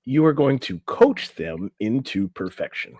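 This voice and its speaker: A male relationship coach at a middle pitch, chatting casually on a podcast. He reads passages from an article and keeps breaking off for his own asides. His voice is recorded close and dry, with no room sound. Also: very animated, a little slow, a little mellow, no echo. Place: in a room on camera.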